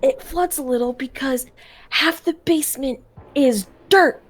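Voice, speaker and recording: A woman's voice: high voice, measured pace. Rambling, swearing young woman telling a story. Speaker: guest telling a story on a game stream. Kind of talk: casual chat.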